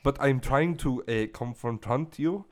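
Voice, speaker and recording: A man voicing a touchy, washed-up French caller with a put-on French accent and halting, indignant broken English in a comedic call-in bit. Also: medium pitch, close to an everyday voice.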